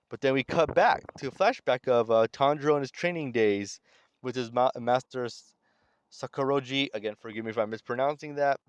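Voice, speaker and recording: A man casually recapping a comic story in relaxed, conversational commentary. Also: medium pitch, moderate pace, clear, resonant tone, no room sound, lo-fi sound. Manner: relaxed, conversational, reads characters' lines aloud in his own voice. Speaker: manga recap channel host.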